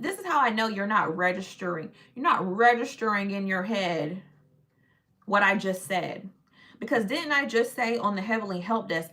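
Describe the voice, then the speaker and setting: A woman hosting a casual livestream, talking in an animated, sassy, teasing way. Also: mid-range voice. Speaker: livestream host.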